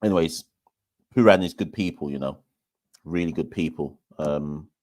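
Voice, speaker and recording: A man's voice: rumbling low, normal speed, darkish tone. A young man hosting a live cricket watchalong, chatting casually to viewers in a loose, self-deprecating way. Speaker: podcast host.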